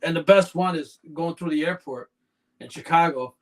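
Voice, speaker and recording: A snake breeder chats on a podcast at normal speed, his voice on the high side. His stories are long and wandering, and he keeps inserting "you know" as he talks casually.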